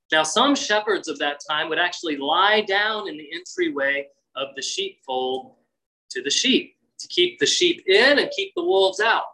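Man, pastor, sermon, bright clear tone, lively quoted voices. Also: a little slow, low-quality recording. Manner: expressive, acts out quotes with shifting pitch.

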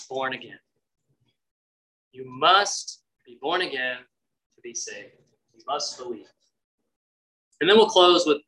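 A man's voice: fairly high pitch, pushed and bright, low-quality recording. A man preaching a sermon, reading scripture and acting out its voices with conversational asides. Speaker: pastor.

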